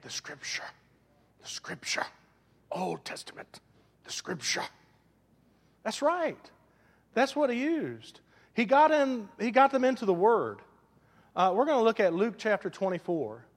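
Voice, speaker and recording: A man preaching a sermon as pastor, lively and joking, drawing the congregation into call and response. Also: high-pitched, long reverb tail.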